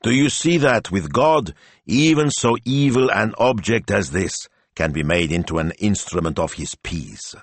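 Man doing storybook official: middle-aged, pious, a touch pompous, deep voice, dry read. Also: expressive, a little slow, creaky, few pauses, dry recording, full character voice. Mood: proud.

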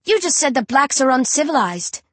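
A defiant schoolgirl, firm and indignant, her voice lifted and louder as she pushes back, as a woman reading a storybook puts her on. The sound is close and dry. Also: high-pitched, sing-song, moderate pace, no room sound, voice pushed up. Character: defiant older schoolgirl standing up to a bully.

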